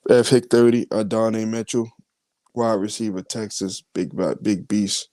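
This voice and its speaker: A man with a low, mellow voice hosts a podcast and runs through his draft picks one by one. He talks casually and haltingly, with plenty of "uh" and "um" and the odd cough. The sound is dry and close. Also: fairly even intonation, no room sound. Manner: halting, many fillers and coughs. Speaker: podcast host. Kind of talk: casual chat reading mock draft picks.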